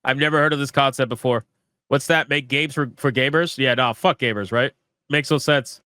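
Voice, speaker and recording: A man's voice: mid-range voice, moderate pace, bright, forceful tone, no echo, clean studio sound. A man reacting live on stream to a video, with crude, sarcastic and mocking commentary.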